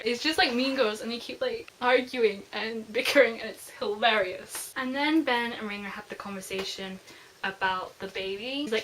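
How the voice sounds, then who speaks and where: A woman's voice: a little high, moderate pace, a bit bright, slight background noise, low-quality recording. A young woman gushing emotionally through a casual book review on her vlog. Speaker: book vlogger.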